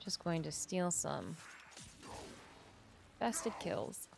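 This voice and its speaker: A woman's voice: on the low side, big pitch swings, takes it slowly, creaky, background noise. A woman chatting casually while streaming a video game, laughing often and rambling into asides at her desk mic. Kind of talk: casual chat while gaming.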